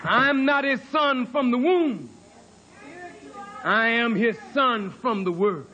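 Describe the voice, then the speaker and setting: A man preaching a sermon as dramatic storytelling, sinking low and quiet and then rising to emphatic, earnest peaks. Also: slow, dull audio, crowd noise, background noise. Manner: earnest testimony, insisting on his honesty. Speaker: minister.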